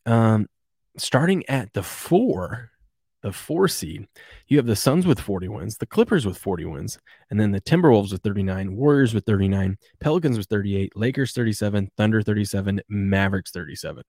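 A man's voice: on the low side, lively intonation, normal speed, warm tone, no echo, clean studio sound. A man hosting a casual morning sports show, rambling and chuckling as he reads viewer comments. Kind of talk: casual live sports chat.

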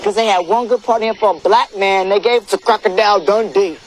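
A man plays a brash young rapper who fires back with profane comebacks. His voice sits high. Faint noise runs behind. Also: close to an everyday voice. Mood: indignant. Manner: indignant, profane, quick-tempered. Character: brash young male rapper turned actor.

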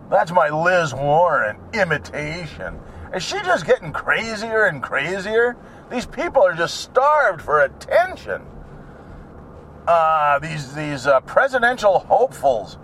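High, lively man ranting while driving. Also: slow, a little hiss or hum. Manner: ranting, sarcastic, drifts between topics, swears. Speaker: vlogger. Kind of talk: rambling driving vlog.

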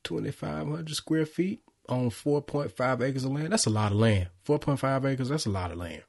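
A man's voice: mid-range voice, moderate pace, gravelly, darkish tone. A man co-hosting a casual podcast chat, joking and laughing often as he steers the talk. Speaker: podcast co-host.

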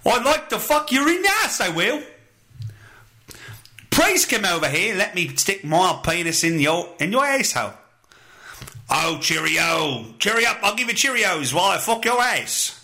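A man's voice: sits high, sing-song, unhurried, sharp tone, voice pushed up, heavily acted. A man putting on a lewd, exaggerated voice of a leering man with a mock English accent.

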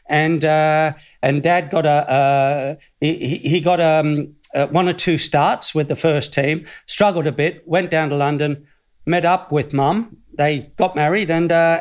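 A man's voice: on the high side, fairly even intonation, unhurried. An older man from Australia, a guest in an interview, telling stories in a rambling, self-deprecating way and laughing often. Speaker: guest, former footballer. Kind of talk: casual interview storytelling.

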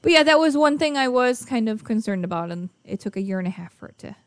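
A woman's voice: on the high side, lively intonation, quick pace, dry recording. A woman co-hosting a podcast, blunt and opinionated, swearing in casual banter. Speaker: podcast co-host.

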